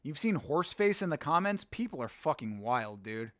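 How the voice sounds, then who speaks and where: A man's voice: on the high side, big pitch swings, moderate pace, fairly bright tone, dry recording, studio quality. A young American man hosting a casual fight watch-along, chatting with viewers and swearing casually. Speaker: livestream host.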